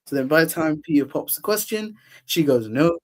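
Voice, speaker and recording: With a slightly high voice and a fairly quick delivery, a young man hosts a podcast where he casually goes over a movie. He laughs often, acts out quotes and keeps things animated.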